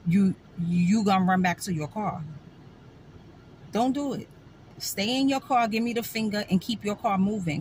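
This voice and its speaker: A woman's voice: medium pitch, slight background noise, low-quality recording. A middle-aged woman, talking bluntly and sassily to camera in a casual vlog, with wry laughs. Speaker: vlogger.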